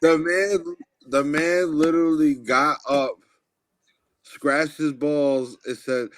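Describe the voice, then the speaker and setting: In a casual podcast conversation, this co-host goes on an emphatic rant, saying "like, bro" over and over and urging people to stop. He speaks slowly in a slightly high, steady, somewhat bright voice, with no room sound.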